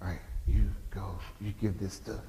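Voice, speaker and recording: A man's voice: deep voice, level tone, normal speed, creaky, warm tone. A man presenting a conference workshop, chatty and joking, with loose restarts. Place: conference room. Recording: echoey conference room.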